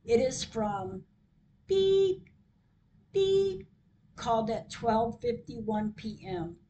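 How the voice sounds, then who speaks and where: Woman, podcast host, slow measured diary reading, faint background hum. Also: on the high side, fairly even intonation, dark tone, highs cut off. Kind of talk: reading a personal diary aloud.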